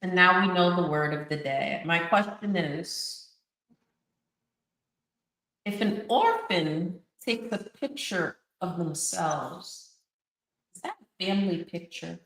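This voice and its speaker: A woman's voice: fairly low pitch, animated, takes it slowly, creaky, pauses often, a bit bright. A woman co-hosting a podcast in casual chat, playful and teasing with sly jokes. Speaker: podcast co-host. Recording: roomy echo.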